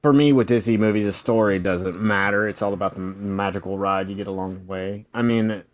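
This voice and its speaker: A man's voice: on the low side, fairly even intonation, fairly quick. A man co-hosting a casual podcast, rambling with many restarts and frequent laughs. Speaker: podcast co-host. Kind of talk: casual chat.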